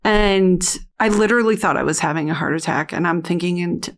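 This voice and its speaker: A woman, a mother and interview guest, telling a painful family story in a halting way, full of restarts and fillers. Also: fairly low pitch. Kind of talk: emotional personal storytelling.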